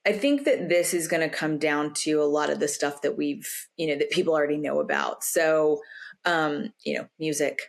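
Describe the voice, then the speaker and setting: A young adult woman with a low-pitched voice speaks as a guest coach on a podcast. She talks casually and at length, and each time she quotes a friend or partner she jumps up in pitch to act the line out. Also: normal speed, gravelly. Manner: animated, acts out quoted lines in a raised pitch. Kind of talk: conversational interview answers.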